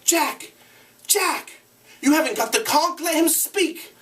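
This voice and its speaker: A man's voice: high-pitched, very animated, measured pace, fairly bright tone, distant mic, voice pushed up, exaggerated voice. A man reading aloud, voicing an earnest boy leader who worries and tries to keep order. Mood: earnest, urgent. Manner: earnest and urgent.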